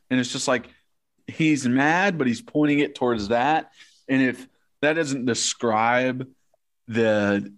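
A man in his thirties, a former college football player, telling stories in an animated, profane way in casual chat. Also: medium pitch.

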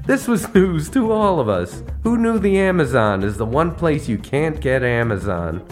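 A man's voice: on the high side, very animated, normal speed, over music. Wry man telling comic travel tales. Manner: wry, punchline-driven delivery. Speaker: podcast host. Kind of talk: comedic travel storytelling.

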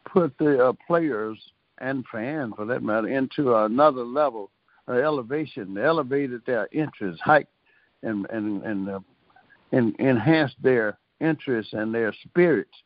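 A man remembering a former coach in an interview, groping for words with many pauses and restarts. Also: mid-range voice, no room sound, lo-fi sound. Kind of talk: reflective interview recollection.

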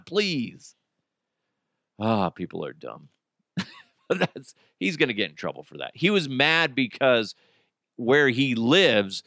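A man's voice: mid-range voice, dry recording, studio quality. A man hosting a podcast, riffing on odd news stories in a profane, joking, ranting way. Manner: profane, joking, animated rants. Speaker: podcast host. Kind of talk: casual comedic news commentary.

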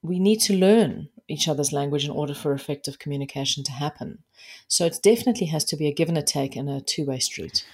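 A woman's voice: low-pitched, fast, darkish tone, husky. A woman from South Africa, a relationships coach, talking directly and plainly in a podcast interview.

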